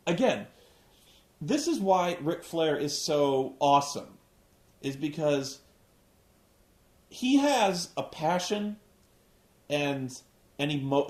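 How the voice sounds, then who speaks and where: A man's voice: a little high, roomy sound. A man hosting a casual, profane wrestling recap, rambling and cursing as he goes. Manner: rambling, swears a lot, restarts often. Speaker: host reviewing a wrestling show.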